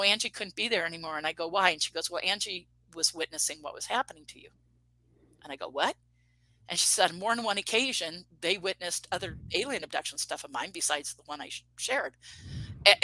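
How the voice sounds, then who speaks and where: Speaking as an interview guest, this woman in her fifties recounts something from her own life with a bright, forceful, mid-range voice. Quoted lines come alive in her animated delivery, though she often starts sentences over. Audio is poor, dry and close-miked.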